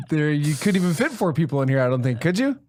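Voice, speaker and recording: A young man hosting a casual comedy podcast from a small studio, joking with profanity and animated energy. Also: a little high, a little fast. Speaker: podcast host.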